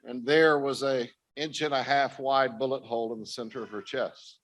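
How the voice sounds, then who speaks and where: A man's voice: mid-range voice, fairly even intonation, moderate pace, fairly bright tone. An older man giving an earnest personal testimony talk to a conference audience, speaking directly to his listeners. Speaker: missionary speaker. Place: conference stage.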